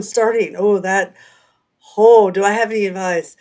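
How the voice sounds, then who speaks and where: A woman's voice: medium pitch, steady tone, a little slow, darkish tone. A middle-aged woman with a Southern accent, co-hosting a casual chat and laughing often. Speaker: author and co-host.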